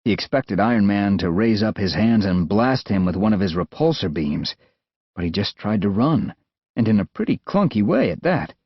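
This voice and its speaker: A man with an American accent narrating an adventure audiobook in a lively, expressive way. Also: on the low side, moderate pace, no echo. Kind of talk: scripted narration. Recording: dull, dry studio sound.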